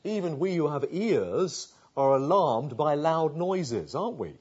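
A man preaching a sermon, retelling scripture with earnest rhetorical questions and dropping to a hush at tender moments. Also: on the high side, big pitch swings, a little slow, slightly rough. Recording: dull lo-fi sound.

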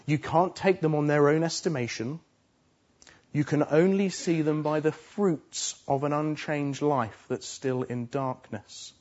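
A man's voice: fairly high pitch, steady tone, measured pace, a little mellow, dull audio. A man preaching a sermon earnestly, pressing his points home with emphatic repetition. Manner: earnest, emphatic, repeats phrases for stress.

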